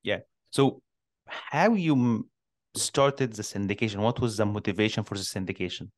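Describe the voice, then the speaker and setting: Low-voiced male podcast host. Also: animated. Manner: halting, searching for words. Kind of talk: interview questions.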